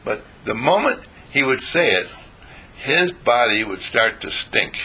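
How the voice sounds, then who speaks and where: A man's voice: medium pitch, big pitch swings, a little slow, bright, forceful tone, husky. An older man giving a folksy, meandering spiritual talk to a small group, playful and chatty.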